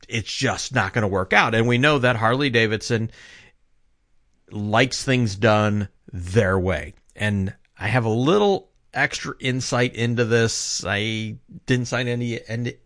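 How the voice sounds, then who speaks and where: A commentator delivers a casual opinion monologue, rambling and conversational, frequently correcting himself. His medium-pitched voice is fairly bright, recorded dry at studio quality.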